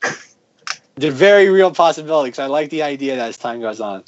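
An American man with a slightly high voice and lively intonation co-hosts a podcast, talking briskly, joking, and rambling casually with many restarts. The audio is dull and lo-fi.

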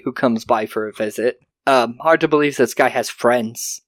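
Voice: mid-range voice, moderate pace, few pauses, no echo. A podcast host casually recapping a TV episode, telling it as a story. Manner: storytelling, acts out quotes.

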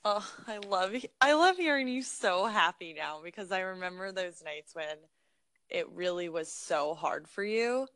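A woman's voice: fairly low pitch, lively intonation, measured pace, fairly bright tone. A young woman hosting a podcast, chatting casually, asking questions and laughing along. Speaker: podcast host. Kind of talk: casual chat.

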